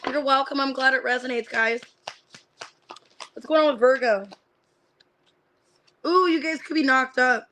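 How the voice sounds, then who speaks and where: Bright-voiced woman reading tarot cards. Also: high-pitched, unhurried, pauses often, a little hiss or hum, poor audio. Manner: casual, thinking aloud, lots of "I feel like" and "like"; names cards one by one, then interprets. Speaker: tarot reader. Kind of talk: live-streamed tarot reading.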